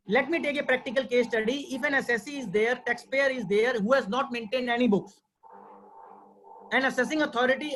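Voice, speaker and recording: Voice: sits high, a little fast, fairly bright tone, slight background noise. A tax law speaker with an Indian accent giving an earnest webinar lecture over a video call, repeating key points and addressing listeners as sir.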